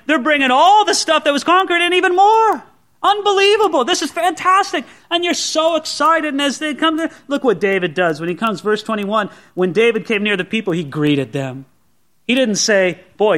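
A male pastor preaching a sermon, telling the story in an animated way and speaking straight to his congregation. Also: very high voice. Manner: animated storytelling, addresses the listener directly.

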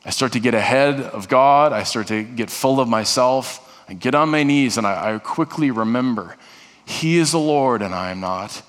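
A man's voice: medium pitch, moderate pace, a bit bright. A male pastor preaching a sermon in an earnest way, often restarting and repeating phrases. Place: church sanctuary. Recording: long reverb of a large hall.

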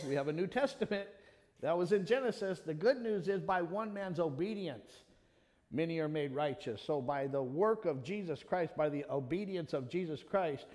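A man preaching a sermon, animated, calling on members of the congregation by name and quoting scripture. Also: fairly high pitch. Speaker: pastor. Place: church. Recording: long reverb of a church hall.

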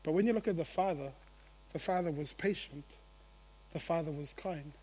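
A man preaching a sermon to his church, animated, acting out the voices of the people in his story. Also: fairly high pitch, moderate pace, slightly rough. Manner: animated, acts out quotes, laughs at own jokes. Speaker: pastor.

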